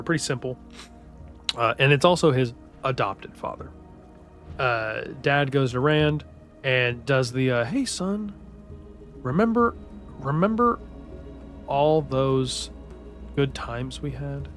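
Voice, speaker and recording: A man giving a casual, rambling recap of a fantasy book series, swearing a lot and restarting sentences as he gets excited. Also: mid-range voice. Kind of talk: casual spoiler-heavy story recap.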